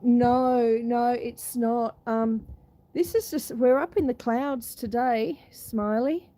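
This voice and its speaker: A woman takes her viewers along on a homestead walk. Her voice is a touch high but deeply mellow and unhurried. She chats to the camera and coos at her cats and dog as she heads indoors. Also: fairly even intonation. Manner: chatty, talks to her viewers and coos at her pets. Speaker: homestead vlogger. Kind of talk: casual walk-and-talk vlog. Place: outdoors in freezing fog, then indoors in a house.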